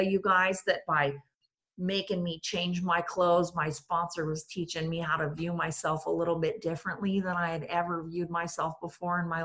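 A woman's voice: fairly low pitch, sharp tone. A woman sharing her recovery story at a meeting, self-mocking and funny, and she keeps addressing the room directly. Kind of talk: humorous personal testimony at a recovery meeting.

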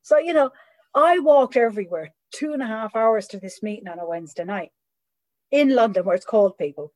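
A middle-aged woman giving a candid personal recovery talk, animated and acting out the voices of people she quotes. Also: mid-range voice, a little fast, rough recording. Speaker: recovery speaker.

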